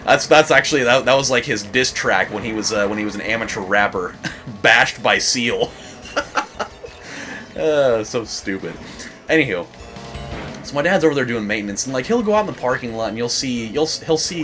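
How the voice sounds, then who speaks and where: A young man hosting a let's play, rambling through a story with frequent laughs and excited bursts at the game. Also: medium pitch. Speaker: gaming channel host. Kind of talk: casual let's play commentary.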